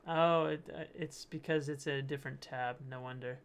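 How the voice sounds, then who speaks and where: Gravelly young man chuckling through posts. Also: medium pitch, steady tone, normal speed. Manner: rambling and easily amused, laughs often, trips over words. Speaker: channel host. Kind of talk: casual commentary reading posts.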